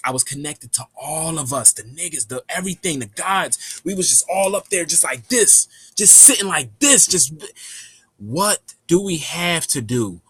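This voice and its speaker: A young man telling a rambling, profane story in a casual, animated way. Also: fairly high pitch, a little hiss or hum.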